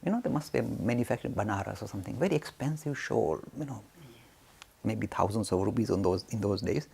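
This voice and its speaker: A man telling a spiritual story as a lecture. He talks in an animated way, waving his arms, and asks himself questions that he then answers. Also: lowish voice, fast talker, creaky, slightly rough. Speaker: spiritual teacher.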